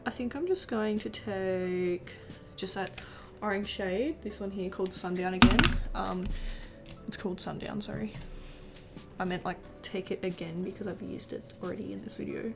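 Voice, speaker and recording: A woman's voice: mid-range voice, normal speed, vocal fry, soft background music. A 19-year-old woman, a beauty vlogger, chatting casually while doing her makeup, gushing and rambling with lots of fillers.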